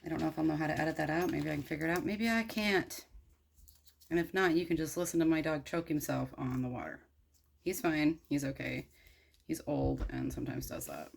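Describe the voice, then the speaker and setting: A woman's voice: deep voice, expressive, brisk, gravelly, slight background noise. A woman casually retelling a story while crafting at home, irreverent and slangy, swearing freely and wandering into asides.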